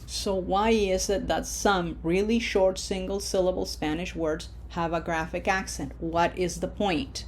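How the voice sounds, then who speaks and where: A woman teaching a Spanish pronunciation lesson, explaining patiently, checking in with "okay?" and modeling words slowly. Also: on the low side, steady tone, slight background noise. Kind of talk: classroom lesson.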